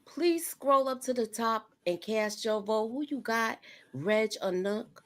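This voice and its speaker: A woman hosting a casual TV show recap, chatty and animated, asking viewers to vote. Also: fairly high pitch, takes it slowly. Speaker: show host.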